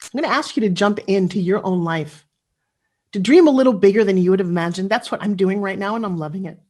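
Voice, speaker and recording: Middle-aged woman, motivational speaker on a video call; earnest and intimate, rallying at the peaks, mid-pitched voice. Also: quick pace, mellow. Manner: earnest, intimate storytelling that builds to rallying cheers. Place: home living room.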